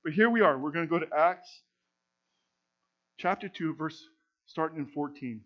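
A man's voice: on the high side, moderate pace. A man preaching a conversational Bible teaching, explaining as he goes and now and then stumbling over his words, then reading scripture aloud. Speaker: pastor teaching a Bible study. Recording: dull lo-fi recording.

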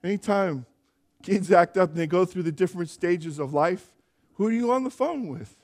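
A man's voice: high-pitched, normal speed, darkish tone. A younger man preaching a sermon as pastor in a church, earnest and building to emphatic exhortation.

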